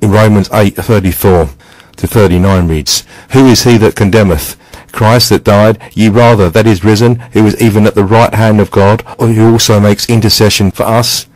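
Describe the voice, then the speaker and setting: Deep-voiced man reading a sermon. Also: fairly even intonation, moderate pace, darkish tone, dry recording, low-quality recording. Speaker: preacher. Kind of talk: scripted sermon reading with scripture quotes.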